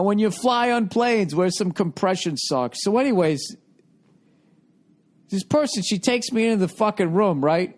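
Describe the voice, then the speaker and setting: A middle-aged man talking casually on his own podcast, his voice sitting a touch higher than most men's. He swears freely, wanders off on tangents, and sounds exasperated and sarcastic about everyday annoyances. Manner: profane, rambling storyteller. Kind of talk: casual comedic monologue.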